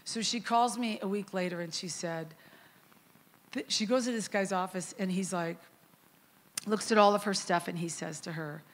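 A woman's voice: mid-range voice, normal speed, slight background noise. Woman preaching a storytelling sermon. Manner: conversational, lively storytelling with acted-out quotes. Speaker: guest worship leader preaching.

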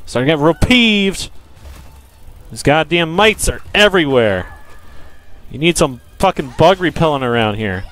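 Young man cursing through gameplay. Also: on the high side. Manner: profane, frustrated, yells at enemies; jokey self-promotion to viewers. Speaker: let's play gamer. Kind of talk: gameplay commentary.

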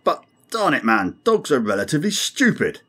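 A man's voice: a little high, wildly swooping pitch, moderate pace, fairly bright tone, slightly rough, voice pushed up, exaggerated voice. Man doing an impatient alien starship captain. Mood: skeptical. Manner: brusque, demanding.

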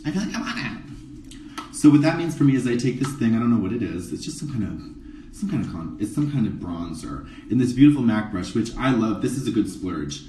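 A man's voice: fairly low pitch, big pitch swings, brisk, warm tone, echoey room, recorded from a distance, a little hiss or hum, poor audio. A man doing a drag makeup tutorial in a casual live stream, campy and sarcastic with rambling asides, in a dressing room before a show. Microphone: phone camera, a bit away.

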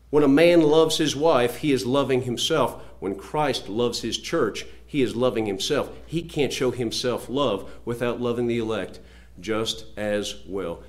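A man preaching a sermon, reading scripture aloud slowly and swinging between loud declarations and low, quiet asides.

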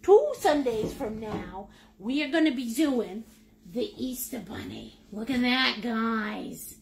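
A woman's voice: fairly high pitch, lively intonation, slow, gravelly. A woman with a Maine accent, teaching a live painting lesson in a chatty, jokey, upbeat way. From United States. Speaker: painting instructor.

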